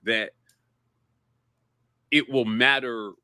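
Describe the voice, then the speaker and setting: A man co-hosting a sports podcast, animated and excitable, jumping in often on a close mic. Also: medium pitch, very slow, clear, resonant tone, no echo. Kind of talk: casual sports talk.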